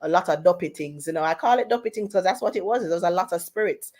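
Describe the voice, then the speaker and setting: A woman, a radio guest telling a personal story in a lively way and putting on family members' voices in quotes. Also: fairly low pitch, fast.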